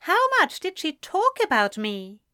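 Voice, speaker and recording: A woman's voice: high voice, huge pitch swings, a little slow, sharp tone, pitched above the performer's own voice, heavily acted. A woman reading a prim, wry male teacher. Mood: wry teasing. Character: fussy, dry-witted man, teacher, fond of antiques. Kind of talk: audiobook character reading.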